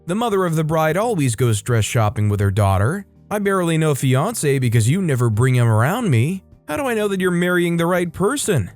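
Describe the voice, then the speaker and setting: A man's voice: on the high side, sing-song, fairly quick, hardly any pauses, soft background music, pitched above the performer's own voice. A man voicing a whiny, defensive middle-aged mother who is self-pitying and indignant.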